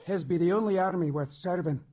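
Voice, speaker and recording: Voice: medium pitch, fairly quick, warm tone, close to an everyday voice. A performer playing a cheerful, devout soldier who talks about God with hearty enthusiasm. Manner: hearty, preachy. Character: cheerful devout male soldier, young adult. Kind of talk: radio drama acting.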